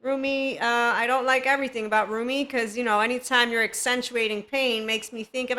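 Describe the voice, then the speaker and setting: A woman's voice: on the high side, steady tone, brisk, few pauses, pushed and bright. A woman hosting a spiritual self-help podcast, talking in a playful, rambling way and laughing often. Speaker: podcast host.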